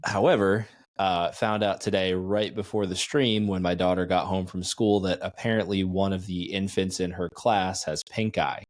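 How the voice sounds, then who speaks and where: A man's voice: low-pitched, steady tone, normal speed, few pauses. A man in his thirties co-hosting a dad podcast, telling family news in a plain, matter-of-fact way with fillers. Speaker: podcast co-host. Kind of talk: casual chat.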